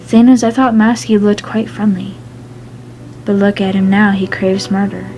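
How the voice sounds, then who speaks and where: A woman's voice: mid-range voice, flat delivery, normal speed, warm tone, soft background music, poor audio. Woman reading a story aloud. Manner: plain reading, with some stumbles. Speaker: fan fiction reader.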